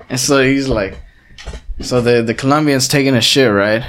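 Casting: young male podcast co-host, animated storyteller, curses a lot, medium-pitched voice. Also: normal speed. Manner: animated storyteller, swears a lot, acts out quotes. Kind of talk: casual chat, storytelling.

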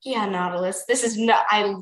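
A woman's voice: medium pitch, normal speed, echoey room, poor audio. A young woman co-hosting a book club podcast, chatting casually and reading passages aloud. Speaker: podcast co-host.

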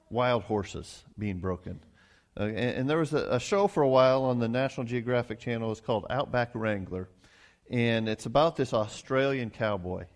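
A man preaching a sermon, warm and folksy in manner. He often stumbles and repeats his words as he restarts a thought, with plenty of casual asides. His pitch sits in an ordinary middle range. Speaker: pastor.

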